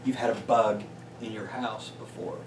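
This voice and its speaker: A man giving an energetic motivational talk as a business coach to a small group, often checking in with "right?". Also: on the low side, moderate pace. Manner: energetic, peppers points with "right?". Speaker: business coach and guest speaker. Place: meeting room with a small audience. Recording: roomy distant sound with faint noise.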